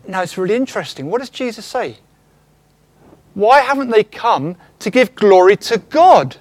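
A man preaches in a high voice that swings up and down with real animation. He acts out little quoted lines and keeps putting questions to his congregation. The sound is dry and close. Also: animated, normal speed, dry recording. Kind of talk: sermon. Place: church.

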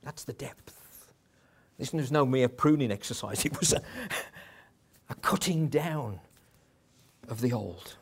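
A man's voice: medium pitch, measured pace, pauses often, slightly rough. A middle-aged man preaching a sermon in a conversational way, with chuckles and restarts.

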